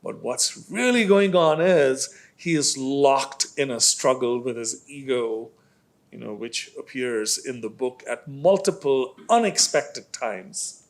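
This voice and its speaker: A male author at a literary panel, talking through a story in a measured, explanatory way with many fillers. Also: medium pitch.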